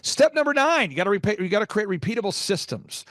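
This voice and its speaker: A man's voice: high voice, fast talker, no room sound, clean studio sound. A man hosting a business podcast who interviews a guest and talks with energy and emphasis, acting out the people in his stories. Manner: energetic, emphatic, acts out quoted voices. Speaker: podcast host and business coach.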